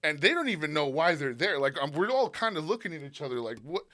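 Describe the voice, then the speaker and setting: Bright, animated young man telling stories. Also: a little high, fast. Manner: animated, acts out quotes, swears freely. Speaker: stand-up comedian. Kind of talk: casual podcast storytelling.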